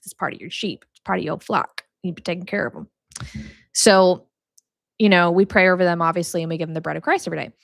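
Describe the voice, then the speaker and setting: A woman's voice: lowish voice, quick pace, gravelly, no echo, clean studio sound. A young woman hosting a podcast, teaching about faith in a casual, chatty way, laughing often and filling her talk with "like". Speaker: podcast host.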